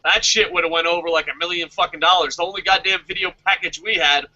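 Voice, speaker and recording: A man co-hosting a wrestling podcast, talking excitedly in casual chat, swearing constantly and laughing often. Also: sits high, fast talker, lo-fi sound. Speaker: podcast co-host reviewing a wrestling show. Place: lives in Japan.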